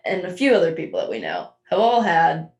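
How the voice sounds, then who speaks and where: A woman's voice: on the low side, very animated, brisk, gravelly, a little mellow, lo-fi sound. A young woman co-hosting a podcast in casual chat, rambling and laughing often. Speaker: podcast co-host. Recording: echoey room.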